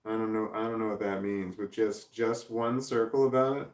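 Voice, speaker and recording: An American man hosting a casual livestream, reading viewer comments aloud and rambling, thinking out loud and trailing off. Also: lowish voice, fairly even intonation, moderate pace, reverberant, distant mic. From United States. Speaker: livestream host.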